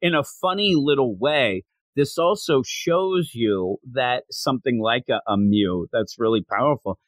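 A man co-hosting a podcast, chatting casually and excitedly as he reviews a manga chapter and acts out lines from it. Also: mid-range voice, a little slow, dry recording. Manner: animated, excitable storyteller acting out quotes. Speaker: podcast co-host.

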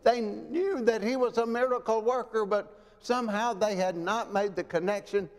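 A man preaching a sermon in a church, dramatic, moving from loud pleading to hushed, quiet lows. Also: fairly even intonation, moderate pace. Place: church sanctuary. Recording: long reverb of a church hall.

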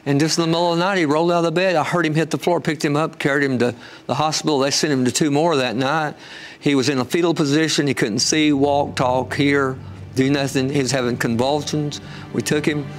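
A man telling an emotional personal testimony, growing animated as the story builds. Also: a little fast. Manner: storytelling, gets animated and higher when excited. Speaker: guest telling his testimony.

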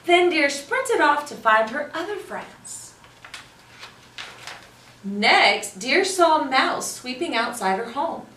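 A woman hosting a children's library storytime, reading picture books aloud in an animated, sing-song, encouraging way. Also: high-pitched, slow, slight background noise. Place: library room. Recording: roomy, voice from a distance.

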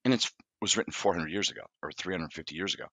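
Racing along in a low-pitched, slightly rough voice, a middle-aged man guests on a podcast as a therapist; the recording is dry. In this conversational interview he animatedly tells stories from his practice, voicing what his clients say.

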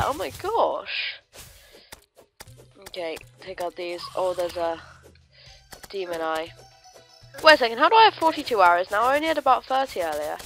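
A woman giving chatty, excitable let's play commentary, greeting the creatures she meets in a playful way. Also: on the low side.

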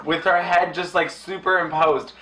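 A woman's voice: lowish voice, little pitch movement, moderate pace, far from the mic. A woman co-hosting a comedic movie podcast, chatting casually and slipping into silly impression voices. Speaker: podcast co-host. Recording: echoey room with noise.

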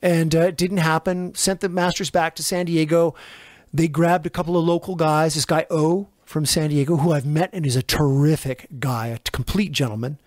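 A man's voice: on the high side, steady tone, normal speed, a little mellow, no echo, studio quality. A man, a record producer, telling long, rambling anecdotes in a casual interview and acting out the quotes in them. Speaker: record producer and engineer guest.

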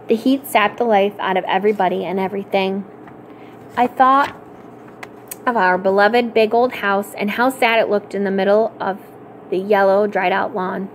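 A woman reading a children's novel aloud for a library storytime, in an expressive, clear storytelling manner. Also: medium pitch, a little hiss or hum.

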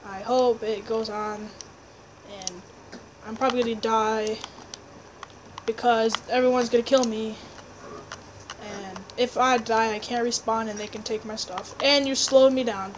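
A woman chatting through a game session as commentator, rambling and excitable, tossing jabs at other players. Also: a little high, measured pace, pauses often, noisy background. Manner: rambling, excitable, trash-talking teammates; restarts and fillers, chatty. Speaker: gameplay commentator. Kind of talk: casual live game commentary.

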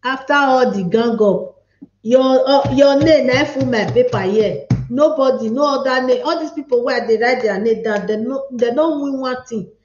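A woman's voice: sits high, normal speed, a little mellow, slight background noise. A woman with a Nigerian Pidgin English accent hosting a livestream, chatting and laughing as she calls out viewers by name. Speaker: livestream host. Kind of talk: casual live chat to viewers. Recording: echoey room, dull lo-fi sound.

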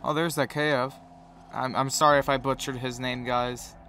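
A man's voice: medium pitch, level tone, moderate pace, sharp tone, a little hiss or hum. A man with a cold giving profane, joking play-by-play commentary while playing a game. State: has a cold. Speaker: gamer commentator.

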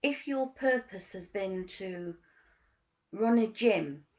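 A woman giving a motivational wellness talk as a coach, asking gentle questions and stressing key words. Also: medium pitch, expressive, takes it slowly, dull audio.

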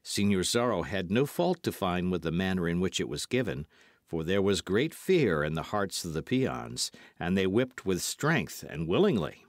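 Casting: male audiobook narrator, low voice, lively delivery, dry close sound. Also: moderate pace, no room sound. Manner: lively, dramatic storytelling. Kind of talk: scripted narration.

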